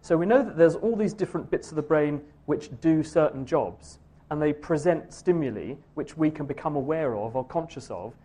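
A man's voice: a little high, animated, normal speed, dark tone, husky. A man answering an audience question on a live science radio show, explaining fluently and at length. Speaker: science presenter.

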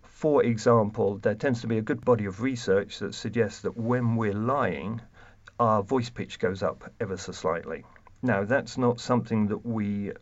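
A man with a lowish voice lays out research findings in a measured, explanatory way, now and then restarting a phrase. The recording sounds a little dull and lo-fi. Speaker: deception researcher guest. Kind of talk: expert explanation.

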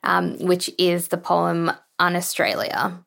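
A woman's voice: lowish voice, steady tone, slow, vocal fry, fairly bright tone. A woman hosting an interview, asking thoughtful, loosely phrased questions. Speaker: interview host. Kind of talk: conversational interview.

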